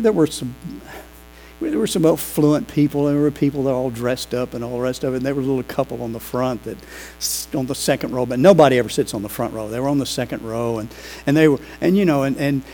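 A pastor preaching a sermon, telling lively stories and acting out the people in them. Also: male voice, mid-range voice, poor audio. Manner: animated, acts out quoted voices. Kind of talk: sermon with storytelling.

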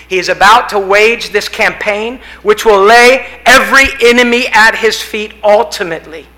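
A man's voice: high voice, sharp tone, low-quality recording. A man preaching a sermon, painting vivid pictures and swelling up on the key images. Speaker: pastor.

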